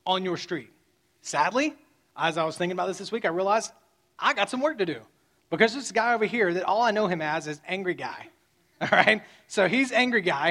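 A man's voice: sits high, a bit bright. A man delivers a sermon. He preaches emphatically yet conversationally, slipping into casual asides to the congregation. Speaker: pastor.

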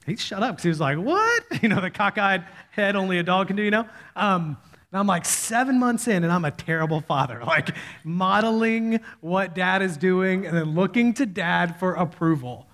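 A man in his thirties preaching a sermon as a pastor, telling stories in a conversational way. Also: sits high. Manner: conversational storytelling preacher, animated quoted voices.

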